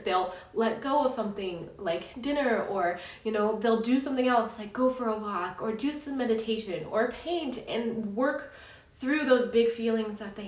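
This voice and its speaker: Woman parenting coach talking to camera, earnest storytelling vibe, kinda far from the mic, roomy echo. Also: on the high side. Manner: earnest, storytelling, many "right?" asides. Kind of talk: casual advice talk to camera.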